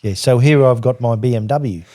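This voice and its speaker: Older aussie guy rambling through an old travel yarn, mellow dark voice, lots of restarts, dry close mic. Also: medium pitch, no echo. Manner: rambling, halting with restarts, reads from his journal. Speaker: podcast guest recounting travels. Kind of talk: casual storytelling chat.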